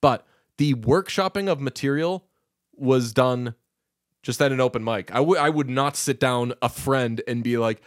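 A podcast co-host chats casually, joking and reading quotes aloud in a mid-range voice at a moderate pace. The recording is studio quality, with no echo.

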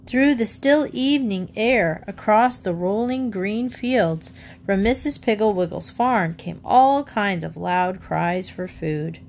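A woman reading a children's book aloud, in an expressive storytelling manner. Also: mid-range voice, slow pace, slight background noise. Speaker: narrator.

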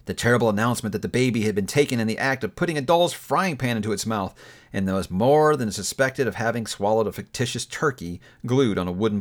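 A man reading a classic novel aloud, telling it expressively and building emphasis through long lists. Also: medium pitch. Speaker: audiobook reader.

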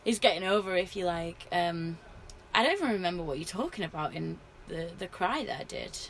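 A woman with a slightly low voice, chatting in an interview. She tells her stories animatedly, with plenty of fillers. A faint hiss sits under the recording. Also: fairly quick. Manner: animated storyteller, many fillers. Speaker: wrestler. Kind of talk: casual interview chat.

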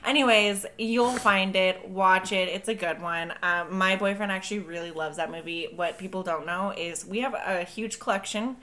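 Brief: woman podcast host, bright forceful tone, swears freely, jokey. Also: medium pitch, normal speed, few pauses. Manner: loose, profane, jokey storytelling. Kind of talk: casual chat, reading history notes.

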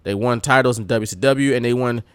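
A man's voice: medium pitch, fairly quick, clear, resonant tone, no room sound. A man co-hosting a casual wrestling podcast, telling stories with energy and acting out quotes. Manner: animated storytelling, acts out quotes in a raised voice. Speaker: podcast co-host.

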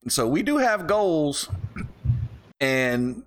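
A man's voice: a little high, sing-song, very slow. A man hosting a podcast, joking and rambling in casual chat. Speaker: podcast host.

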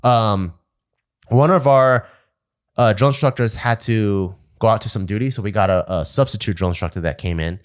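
A man's voice: on the low side, moderate pace, smooth. Profane man telling a brash story. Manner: profane, animated, acts out quoted voices. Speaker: podcast guest. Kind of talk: casual storytelling.

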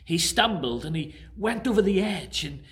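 A man preaching a sermon who opens with a prayer and tells a story in a conversational, animated way. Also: high-pitched, normal speed.

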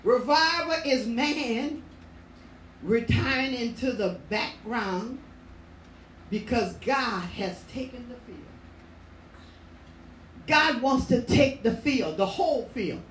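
A woman's voice: fairly high pitch, lively intonation, takes it slowly, pauses often, slight background noise. Echoey woman preaching from a distance. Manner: emphatic, repetitive preaching cadence. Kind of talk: sermon. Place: church. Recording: echoey room, voice from far off.

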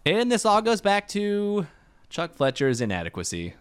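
A man co-hosting a podcast in casual chat, telling jokey stories in an animated way. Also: high-pitched, normal speed, smooth, no echo. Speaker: podcast co-host.

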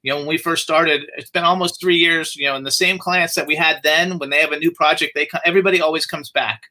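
Guy running a pr firm, bright voice, kinda high, rambles with lots of "you know". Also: steady tone, fast talker, low-quality recording. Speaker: PR agency co-owner. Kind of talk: livestream interview chat.

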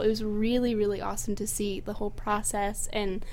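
A woman's voice: medium pitch, steady tone, moderate pace, hardly any pauses, darkish tone. Young woman host chatting, bubbly, a bit unsure of words. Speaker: podcast co-host. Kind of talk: casual chat.

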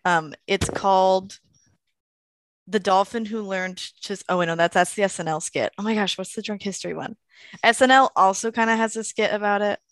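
Sarcastic woman cohost, deadpan jokes, dry close mic. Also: medium pitch, a little fast, no echo. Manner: wry, sarcastic. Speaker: podcast co-host. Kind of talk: casual chat.

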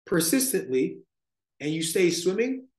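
Male podcast guest, slightly high voice, reflective spiritual talk, echoey room sound. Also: sing-song, darkish tone. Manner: slow, thoughtful, spiritual tone with frequent "like" and "right?". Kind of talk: reflective conversational storytelling.

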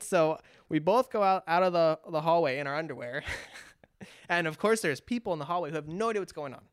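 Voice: medium pitch, fairly quick, clean tone, no echo, studio quality. A speaker from California telling a long personal story in casual chat, acting out quotes with lots of restarts. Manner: animated, acts out quotes, frequent restarts.

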